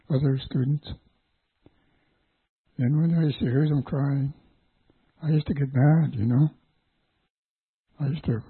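An older man from Canada giving a personal testimony as a church guest, speaking haltingly with pauses and restarts. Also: a little high, breathy edge, dry recording. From Canada, Vancouver Island. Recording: tinny phone-like dry recording.

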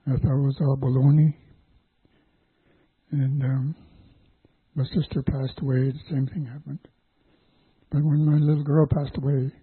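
An older man from Canada giving a personal testimony as a church guest, speaking haltingly with pauses and restarts. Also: mid-range voice, husky, dry recording. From Canada, Vancouver Island. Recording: tinny phone-like dry recording.

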